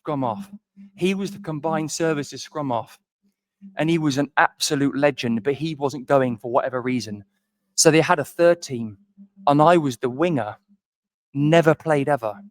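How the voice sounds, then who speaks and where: A man's voice: on the high side, normal speed, no echo. Rambling male podcast co-host. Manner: rambling, self-deprecating storyteller with many restarts. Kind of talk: casual storytelling chat.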